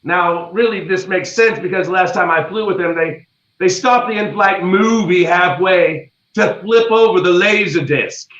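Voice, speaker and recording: High, slow-talking male comedy host. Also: fairly bright tone. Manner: dry, deliberate punchline delivery. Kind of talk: comedic fake news segment. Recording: roomy, dull recording.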